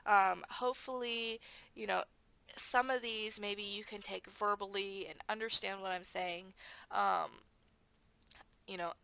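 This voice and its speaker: An online English teacher talks casually about her classes in a mid-range, creaky but clear and resonant voice, keeping a measured pace over a rough recording. Friendly and chatty in this advice vlog, she uses lots of fillers and acts out classroom moments with playful sound effects.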